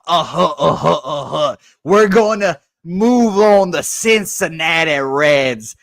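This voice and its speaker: A man co-hosting a betting show with an unhurried, drawn-out delivery and a slightly higher voice than most. His talk is teasing and playful, and it slides into a put-on Southern drawl. The sound is dry and close, with no room around it. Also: lively intonation, creaky, a bit bright, no echo. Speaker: co-host. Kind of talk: casual sports betting chat.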